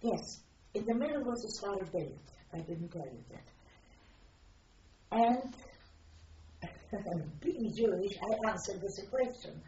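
An older woman from Poland, giving personal testimony in a reflective, halting way as she searches for words. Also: mid-range voice, lively intonation, dark tone, slight background noise. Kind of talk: personal testimony, recalled aloud. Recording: distant roomy lo-fi recording.

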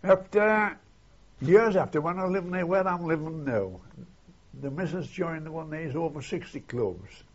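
A man's voice: fairly high pitch, unhurried, muffled recording. An older man telling his memories in an oral history interview, in a rambling way, often tagging on "see?" and "eh?". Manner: rambling, keeps adding "see?" and "eh?". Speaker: interviewee recalling war memories.

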